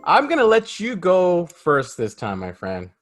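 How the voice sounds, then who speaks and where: Animated man co-hosting a movie chat. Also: high voice, measured pace, over music. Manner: laughing, animated. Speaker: co-host. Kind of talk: casual movie review chat.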